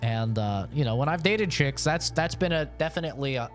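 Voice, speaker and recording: A young man talks casually on a game stream in a frank, rambling way and swears freely. His pitch swings widely as he goes. Faint game music sits behind him. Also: lively intonation, fairly quick. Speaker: gaming streamer. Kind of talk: casual live-stream chat.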